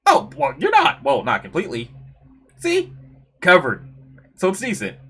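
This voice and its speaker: A woman voicing a playful, scheming male general who teases his friend, reading a comic aloud with a breathy voice. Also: on the low side, huge pitch swings, moderate pace, full character voice. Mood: teasing. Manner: teasing, cheerful.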